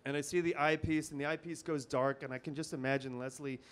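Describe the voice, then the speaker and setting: Guy doing live storytelling, pretty high voice, nervous rambly delivery with lots of "like"s. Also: fairly even intonation, fast talker, smooth. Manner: nervous, rambling, many restarts and fillers. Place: live comedy venue.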